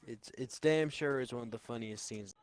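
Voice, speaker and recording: A man co-hosting a podcast, excitedly recalling favorite movie scenes, often stumbling over his first words. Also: mid-range voice, normal speed. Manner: enthusiastic, stammering restarts, swearing. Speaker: podcast co-host. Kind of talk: casual movie review chat.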